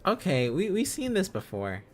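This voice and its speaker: A man's voice: high voice, huge pitch swings, normal speed. A man streaming casually, thinking aloud as he learns, sounding out syllables and chuckling often.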